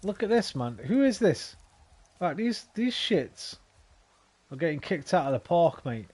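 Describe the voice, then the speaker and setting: A man's voice: on the high side, sing-song, measured pace, a little mellow, husky. A young man giving casual, swear-filled commentary while playing a video game and talking back to it. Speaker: game streamer. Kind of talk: casual let's-play commentary.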